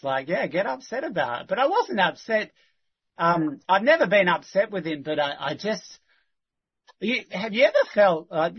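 A man tells viewers a rambling story about his day, with many restarts and lively retold dialogue. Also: a little high, husky, highs cut off. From Australia.

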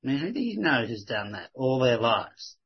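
Husky man telling rambling stories. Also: mid-range voice, big pitch swings, moderate pace, lo-fi sound. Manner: rambling, earnest storytelling with frequent restarts. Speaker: Christian sharing witnessing stories. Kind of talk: casual testimony chat.

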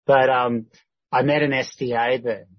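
A man's voice: medium pitch, steady tone, measured pace, no room sound, highs cut off. A man talking casually through a rambling update that is full of restarts and quoted conversations. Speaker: church member giving a prayer update.

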